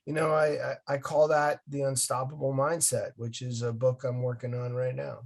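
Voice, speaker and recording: A man in his fifties from Massachusetts, a guest telling his story in a lively, folksy, upbeat way. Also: medium pitch, normal speed, creaky. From Massachusetts, USA. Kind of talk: casual interview storytelling.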